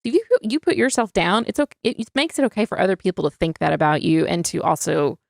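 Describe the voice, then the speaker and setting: A woman talking fast in a casual podcast chat, with a gravelly fry in her voice. She is frank and supportive and chimes in quickly. The sound is dry and close. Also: lowish voice, very animated, no room sound. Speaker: podcast co-host.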